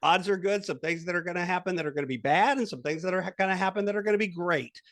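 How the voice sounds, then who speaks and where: A man with a fairly high voice, speaking as a guest coach on a podcast. He tells an imagined scene with lively, animated delivery and slips into quoted voices. His tone stays steady and guiding as he coaches the listener. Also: fast. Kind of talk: podcast interview.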